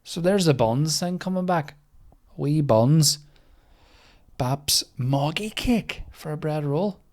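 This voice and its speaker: A man's voice: a little high, animated, slow pace, darkish tone. Sweary man riffing. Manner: sweary, rambling, mocking. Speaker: comedian podcast host. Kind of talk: casual comedic monologue.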